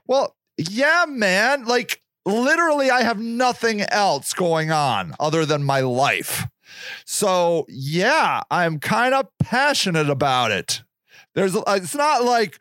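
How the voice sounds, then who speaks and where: Forties guy ranting on his own, fairly high voice that jumps all over, dry close mic. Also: slow, no room sound. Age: 40s. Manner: animated, exclamatory, full of restarts and rhetorical questions. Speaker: podcast host. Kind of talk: rambling solo monologue.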